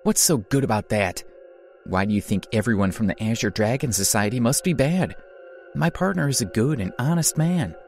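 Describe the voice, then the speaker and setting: A man voicing a young single mother, his voice raised a little higher. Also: expressive, moderate pace, darkish tone, soft background music, lightly acted. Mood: angry.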